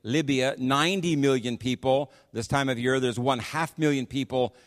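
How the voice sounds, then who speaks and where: A man's voice: medium pitch, moderate pace. American man preaching with long church reverb. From United States. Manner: animated storyteller, chatty with frequent restarts. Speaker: missionary preacher. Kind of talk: sermon with storytelling. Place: church sanctuary on a PA system.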